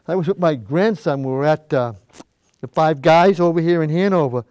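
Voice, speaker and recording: Recorded dry, this older man's voice sits on the high side and a little mellow, moving at a normal speed. Working in a high school cable TV studio, he rambles folksily through a casual painting demo. At times he leaves the mic to step back and look over his canvas.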